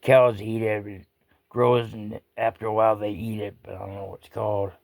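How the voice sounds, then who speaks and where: A man's voice: lowish voice, flat delivery, moderate pace, vocal fry, darkish tone, dry recording. A man rambling through a personal anecdote in a salty, folksy way, swearing casually and often restarting his sentences. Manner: salty, profane, folksy talk with many restarts. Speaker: storyteller.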